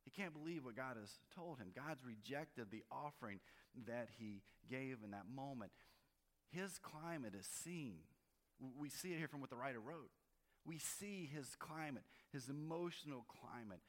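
A man's voice: mid-range voice, animated, moderate pace, a bit bright. Male pastor, conversational sermon delivery, mid-range voice, long reverb of a large hall. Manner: conversational, with frequent restarts and varied emphasis.

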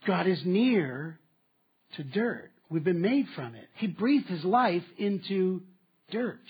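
Husky-voiced man preaching a sermon. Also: high-pitched, lively intonation, unhurried. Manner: dynamic preaching, dropping to quiet asides with laughs. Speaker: pastor. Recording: slightly dull, muffled sound.

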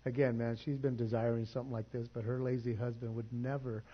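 A middle-aged man preaching to his congregation, telling a story with animated quoted voices before moving into prayer and announcements. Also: medium pitch, quick pace, highs cut off. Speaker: pastor. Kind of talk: sermon. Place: church.

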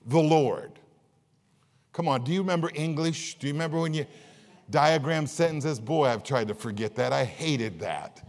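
Folksy Baptist pastor preaching in a hall. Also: male voice. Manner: folksy, jokey preaching with swings in pitch and volume. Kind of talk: sermon. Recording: long reverb of a large hall.

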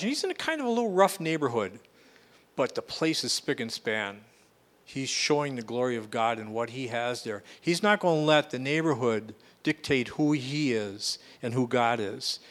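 A man's voice: medium pitch, lively intonation, normal speed. A man preaching a sermon in an earnest, emphatic way, often restarting and repeating phrases as he goes.

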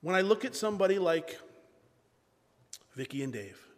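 A man's voice: high-pitched, very animated, moderate pace. Emphatic preacher man in a reverberant hall. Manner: emphatic, repeats key phrases. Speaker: pastor. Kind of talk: sermon.

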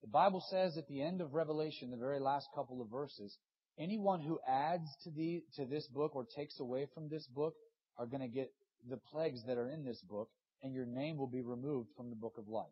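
A man in his thirties delivers a sermon with a husky edge, his pitch sitting in an ordinary middle range. He swings from loud, urgent emphasis to hushed, earnest passages. The recording sounds dull and lo-fi. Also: brisk. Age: 30s. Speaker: preacher.

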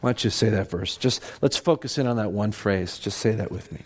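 A man's voice: lowish voice, a little fast. Earnest, emphatic male pastor preaching. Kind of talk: sermon.

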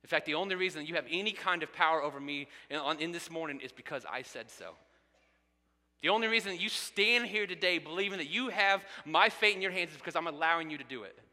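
A preacher voicing a calm, commanding holy man. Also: on the high side, fast talker, big-room sound, pitched above the performer's own voice. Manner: firm, assured. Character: calm, commanding male teacher of authority.

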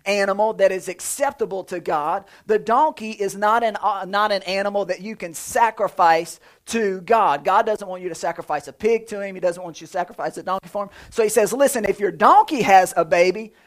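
A man in his thirties preaching a sermon in a lively, conversational way, with jokes and playful sound effects. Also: high voice, a little fast, hardly any pauses. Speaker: pastor.

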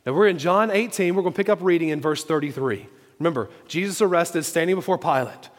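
Pastor, male, high voice, emphatic sermon delivery, repeats lines for weight, long hall reverb. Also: fast. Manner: emphatic, repeats key phrases for stress.

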